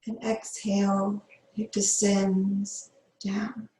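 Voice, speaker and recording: Slow, soothing woman yoga teacher. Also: medium pitch, monotone, warm tone, reverberant, poor audio. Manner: slow, soothing breath cues with long pauses. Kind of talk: guided yin yoga meditation.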